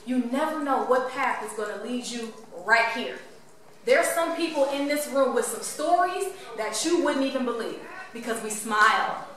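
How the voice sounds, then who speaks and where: A woman tells her story to a live audience. She is animated and playful, and she keeps asking the crowd questions. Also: high-pitched. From Cleveland, Ohio. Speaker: motivational speaker. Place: room with an audience. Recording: echoey room from far off.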